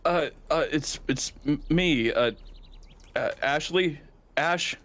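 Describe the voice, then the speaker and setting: A man's voice: fairly high pitch, takes it slowly, fairly bright tone. A man doing a stammering teen scout. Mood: awkward. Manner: stammering, mumbling. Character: nervous teenage scout who smokes.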